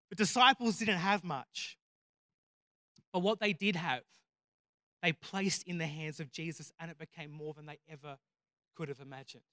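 A man's voice: on the high side, a little slow, long pauses, bright, forceful tone, no room sound, clean studio sound. A man preaching a sermon, telling stories with self-deprecating humor and building to emphatic, repeated declarations. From Australia.

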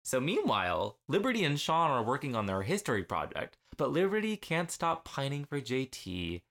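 Animated young man hosting a recap podcast. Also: mid-range voice, normal speed. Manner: animated, laughing, acts out quotes. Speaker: podcast co-host. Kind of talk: casual recap chat.

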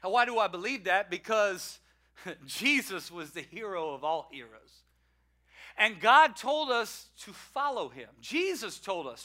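Male pastor, sermon delivery, high and bright, energetic, jokey, emphatic repeats. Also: a little slow. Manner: energetic, joking, emphatic repetition.

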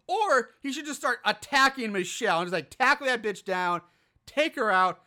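A podcast host recapping a horror film in casual chat, animated and profane, often exasperated. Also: medium pitch, normal speed.

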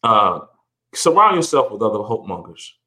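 A man's voice: lowish voice, big pitch swings, moderate pace, sharp tone. A middle-aged man speaking earnestly as a podcast guest, often repeating and restarting words, his voice rising when he stresses a point. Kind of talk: reflective conversational interview.

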